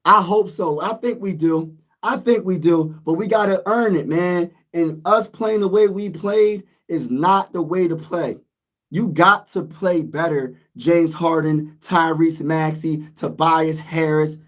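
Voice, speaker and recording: A hoarse man with a high voice talks straight to his viewers in an excitable fan rant. He repeats himself and keeps calling the listener "my brother," sounding worn from yelling at the TV. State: hoarse from screaming. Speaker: sports vlogger.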